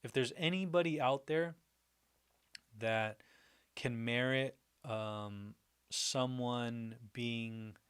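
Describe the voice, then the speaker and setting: A man's voice: mid-range voice, drawn-out words, fairly bright tone, clear, resonant tone. A man hosting a casual livestream, chatting in a rambling, upbeat way and talking back to his viewers. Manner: chatty and rambling, with frequent restarts and "like"; upbeat and friendly toward viewers. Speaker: livestream host. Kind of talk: casual livestream chat reacting to viewer comments.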